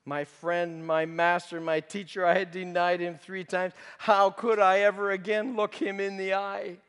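A guilt-stricken disciple Peter, played by a man, recalling his denial in a dramatic first-person monologue. The voice sits high for a man and carries a long reverb, as if from a big hall. He swings from urgent outbursts to hushed, broken confession. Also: flat delivery, unhurried, clear, resonant tone. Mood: grieving. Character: remorseful male disciple Peter, grown man haunted by guilt.

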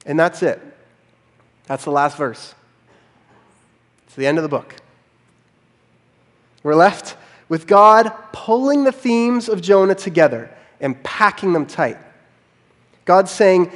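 A man's voice: high-pitched, sing-song, takes it slowly, pauses often, long reverb tail. A man preaching a sermon as pastor, in a conversational storytelling way with wry asides.

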